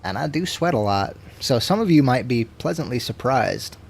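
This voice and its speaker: A man in his twenties chatting casually to his stream, tipsy, swearing a lot and swinging between loud rants and low mumbles. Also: animated, moderate pace, gravelly, breathy edge. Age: 20s. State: tipsy from drinking.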